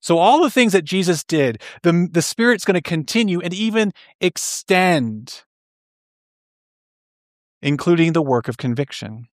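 A man preaching a sermon in an earnest, questioning way, explaining slowly and restarting phrases. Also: high voice, animated, dry recording, clean studio sound. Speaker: pastor.

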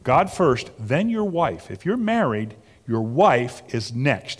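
Animated male preacher in a reverberant hall. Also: medium pitch, takes it slowly, few pauses, husky. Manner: animated preaching, swinging from loud emphatic peaks to soft near-whispers. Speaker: pastor. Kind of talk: sermon.

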